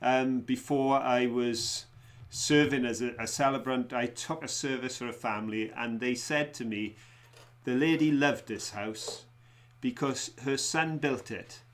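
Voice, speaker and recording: A man's voice: medium pitch, a little slow. A man co-hosting a casual live stream, joking around, telling anecdotes and asking quiz questions. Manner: jokey, storytelling, quizmaster.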